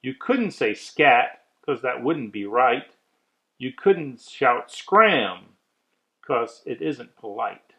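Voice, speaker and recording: A man reading a rhyming children's story aloud with measured, expressive delivery. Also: medium pitch, low-quality recording.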